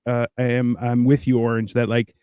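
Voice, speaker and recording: A man's voice: mid-range voice, completely flat delivery, moderate pace, clear, resonant tone, no room sound, dull audio. A man on a casual podcast chat, blunt and crude, telling jokey stories. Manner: jokey, storytelling. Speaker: podcast co-host.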